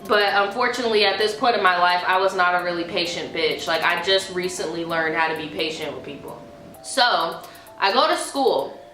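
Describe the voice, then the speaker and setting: A woman vlogger telling a story in an animated, profane way, acting out quotes. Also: fairly low pitch, moderate pace, faint music behind. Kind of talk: casual storytime. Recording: echoey room.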